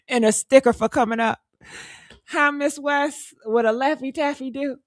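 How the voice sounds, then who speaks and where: A woman's voice: high-pitched, dry recording, clean studio sound. A woman hosting a casual livestream chat, sassy and teasing, laughing often. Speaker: live show host.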